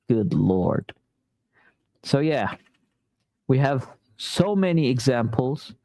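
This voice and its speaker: A man with a warm, mellow voice gives casual, sarcastic reaction commentary. He talks loosely, as if to his regular viewers. The sound is close and dry. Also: medium pitch, very animated, slow pace, pauses often, dry recording. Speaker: commentary channel host.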